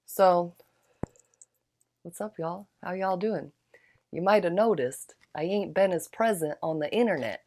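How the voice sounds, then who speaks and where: A young woman hosting her own podcast solo, chatting in a slangy, profane, laid-back way after leading a slow guided breathing. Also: fairly low pitch, darkish tone. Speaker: podcast host.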